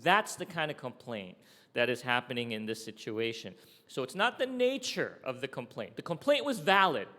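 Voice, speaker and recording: A man's voice: mid-range voice, sing-song, moderate pace, sharp tone. Man preaching in a reverberant hall. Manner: conversational preaching, checks in with "okay?" and "right?". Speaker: pastor. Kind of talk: sermon.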